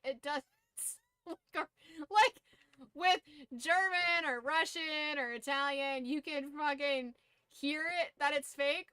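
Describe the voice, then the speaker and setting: Bright, blunt woman streamer chatting. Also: sits high, no room sound. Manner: blunt, swears freely, laughs often. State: throat going hoarse. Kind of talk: casual stream chat.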